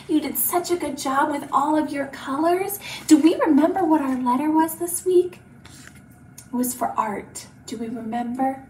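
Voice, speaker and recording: Animated, high-voiced children's librarian. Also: female voice. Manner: animated, gasping, exaggerated for small children. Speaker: children's librarian hosting storytime. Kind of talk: children's storytime activity. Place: library room. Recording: roomy and distant, faint hiss.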